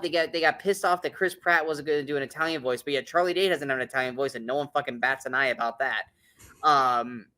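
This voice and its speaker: A man's voice: on the high side, fairly bright tone. A man co-hosting a casual movie-review podcast, blunt and opinionated, swearing often and restarting his sentences as he rambles.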